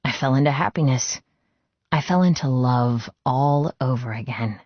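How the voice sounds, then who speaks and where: A woman's voice: extremely low pitch, normal speed, no room sound. A woman narrating a first-person romance audiobook in an emotional, intimate reading from a close mic. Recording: slightly dull, muffled sound.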